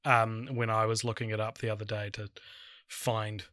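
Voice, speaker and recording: A man co-hosting a film podcast in casual chat, laughing often and restarting his sentences as he swings between loud and quiet. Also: fairly low pitch, little pitch movement, normal speed, no room sound, studio quality. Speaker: podcast co-host.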